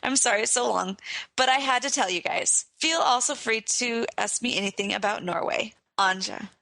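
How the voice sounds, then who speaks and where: A woman's voice: on the high side, normal speed, vocal fry, no room sound. A woman co-hosting a podcast, reading a long listener letter aloud with frequent giggles. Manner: bright, giggly reader. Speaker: podcast co-host.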